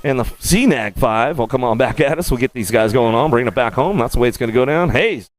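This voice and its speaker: A man calling BMX races live as track announcer, rattling off rider names in a rapid, rhythmic play-by-play and repeating stock phrases. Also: medium pitch, animated. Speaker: race announcer. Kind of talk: live race commentary.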